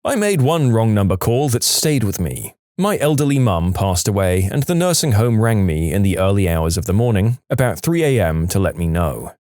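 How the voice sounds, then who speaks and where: A man narrating reader-submitted stories in an animated storytelling manner. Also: fairly low pitch, moderate pace, hardly any pauses, no room sound, clean studio sound. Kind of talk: scripted narration.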